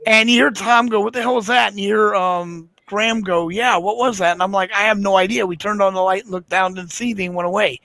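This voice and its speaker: A man's voice: high-pitched, steady tone, fast talker, creaky, few pauses, bright, forceful tone, no room sound. A man hosting a casual late-night chat, telling rambling, profane stories and laughing a lot. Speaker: livestream host.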